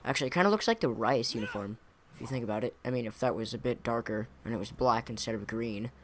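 A man's voice: mid-range voice, quick pace. A young man giving casual, rambling commentary over his own gameplay, often correcting himself mid-sentence. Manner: rambling, self-correcting, chuckling. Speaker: gaming YouTuber. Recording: audible background noise.

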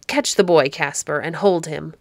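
A woman voicing a stern middle-aged baron, a man with a deep, harsh, commanding manner, in a storybook reading. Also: normal speed, creaky, dry recording. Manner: cold and commanding.

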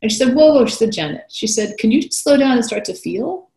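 A woman guest talking about her own experience in an interview, reflective and at times dropping to a soft whisper. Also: a little high, fairly quick, gravelly. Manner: reflective, shifting between animated retelling and soft whispered passages. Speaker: guest author. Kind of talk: conversational interview talk. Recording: echoey room.

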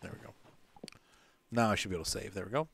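Guy talking through his gameplay, kinda low voice, thinking out loud. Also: quick pace, gravelly, heavy background noise. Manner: thinking aloud, self-correcting, chatty. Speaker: let's play host. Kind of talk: casual gameplay commentary.

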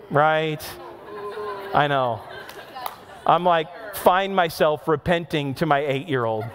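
A man in his thirties preaching from the pulpit with a notably high voice. He chats and tells stories with quick asides to the congregation, then drives home points with emphatic repeated questions. His voice rings with the long reverb of a large church hall. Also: sing-song, fairly bright tone. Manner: chatty storytelling with audience asides, rising to emphatic repeated questions. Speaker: pastor. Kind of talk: sermon. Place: church auditorium.

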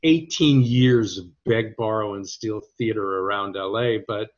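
An actor guest in a conversational interview tells anecdotes in a rambling, hesitant way, with restarts and lively impressions of other people. His voice is lowish and unhurried, and the audio is dull and lo-fi.

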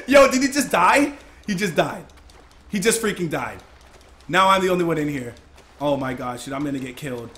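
A young man giving live gameplay commentary as a streamer, excitable, breaking into yells and laughs. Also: a little high, normal speed, long pauses. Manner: excitable, yelling and laughing in bursts. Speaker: gaming streamer.

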